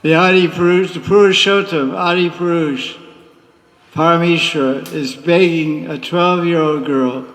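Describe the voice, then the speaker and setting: A man, a spiritual teacher, giving a lively devotional class with teasing asides. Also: on the high side, measured pace. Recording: echoey hall reverb.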